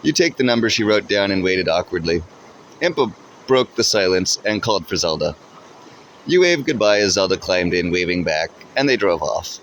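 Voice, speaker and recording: A man narrating a second-person story in a steady, plain reading voice. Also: sits low, normal speed, slight background noise.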